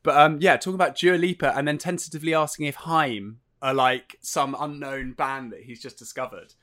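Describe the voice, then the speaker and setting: A man's voice: a little high, a little fast, sharp tone. An English man in his thirties co-hosting a podcast, chatty and self-mocking, full of fillers and restarts. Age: 30s. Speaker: podcast co-host. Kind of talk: casual chat.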